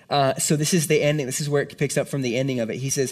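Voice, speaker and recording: A man's voice: mid-range voice, fairly even intonation, fast. A man preaching a conversational sermon to a congregation, earnest and casual, often checking in with "right?". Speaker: pastor. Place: room with a live congregation.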